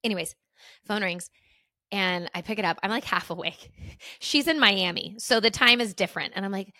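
Brief: podcast host, woman in her thirties, rambling and chatty, bright tone, dry close sound. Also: mid-range voice, moderate pace, dry recording. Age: 30s. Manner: chatty, rambling, many fillers. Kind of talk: casual storytelling chat.

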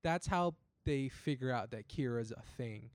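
A man's voice: medium pitch, expressive, normal speed, no echo, clean studio sound. A man co-hosting a podcast in casual chat, talking loosely with frequent fillers and swearing. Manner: casual, swears, lots of likes and restarts. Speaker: podcast co-host.

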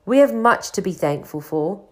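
A woman voicing an old male wizard headmaster who speaks calmly and gently, with a touch of teasing. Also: mid-range voice, moderate pace, lightly acted. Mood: gentle. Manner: calm, gentle, mildly teasing.

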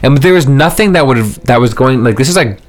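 A man's voice: mid-range voice, expressive, a little fast. A man telling a long story in casual podcast chat, rambling and full of fillers, swearing casually.

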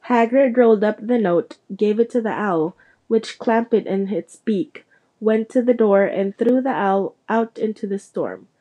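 A woman reading a storybook aloud as narrator, steady and measured. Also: medium pitch. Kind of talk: audiobook reading.

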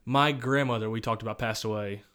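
A man's voice: fairly low pitch, steady tone, a little fast, fairly bright tone, clean tone. A young man from Missouri, co-hosting a podcast in a casual chat, rambling through long stories and laughing often. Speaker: podcast host.

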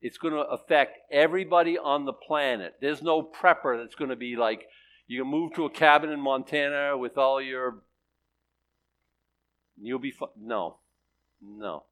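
A man's voice: mid-range voice, measured pace, fairly bright tone. A man preaching a sermon in a conversational, sarcastic style, mixing scripture reading with jokes. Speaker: pastor.

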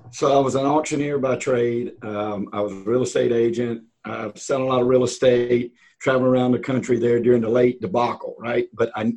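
A man, a real estate auctioneer, telling a rambling, animated story as a guest on a podcast. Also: mid-range voice, low-quality recording. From north of Atlanta, US. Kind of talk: casual storytelling in a podcast interview.

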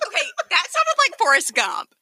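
A woman co-hosting a casual podcast, telling a story with emphatic, defensive energy. Her voice is very bright and swings through a lively range. The sound is dry and close. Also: very high-pitched, moderate pace, no echo. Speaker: podcast co-host. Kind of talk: casual chat.

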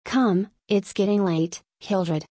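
A woman voicing a young male army officer who speaks slowly, kindly and soothingly to his cousin. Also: mid-range voice, mellow, no echo, studio quality. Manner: slow, soothing and kind.

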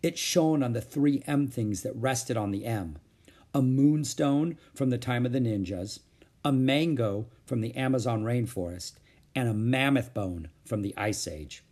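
A man reading a children's chapter book aloud, narrating gently and expressively. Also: mid-range voice, measured pace. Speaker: audiobook reader. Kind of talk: storybook read-aloud narration.

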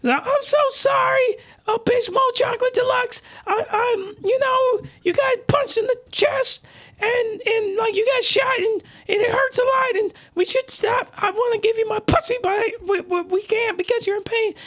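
Man doing a young woman, squeaky falsetto, stammering, apologetic, comic. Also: normal speed, a bit bright. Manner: high falsetto, stammering, breaking. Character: timid apologetic young female bounty hunter.

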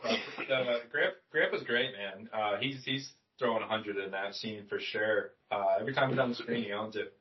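A young man co-hosting a casual movie podcast, relaxed and swearing, often trailing off with fillers. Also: lowish voice, moderate pace, hardly any pauses. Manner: laid-back, swears freely, trails off with fillers. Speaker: podcast co-host. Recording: distant mic, dull lo-fi sound.

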